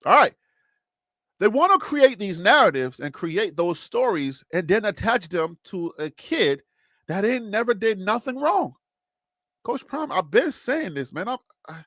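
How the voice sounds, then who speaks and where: A sports talk host with a notably high voice, holding forth in an animated, preachy way. He speaks right to his listeners in loose, conversational phrases, and his voice is captured close and very dry. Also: moderate pace, dry recording. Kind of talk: opinionated sports commentary.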